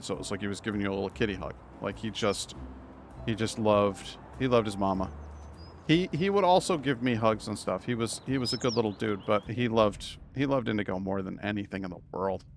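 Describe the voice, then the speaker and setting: A man's voice: mid-range voice, slight background noise. A man streaming a game live, chatting casually and telling stories with frequent restarts. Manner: rambling, warm storytelling with frequent restarts.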